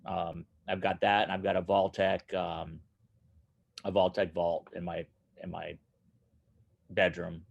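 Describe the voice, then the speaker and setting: Gravelly-voiced drummer in casual talk. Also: male voice, low-pitched, a little slow, pauses often, muffled recording. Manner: laughs often, animated, repeats himself. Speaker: guest, studio owner and drummer. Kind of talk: casual conversation.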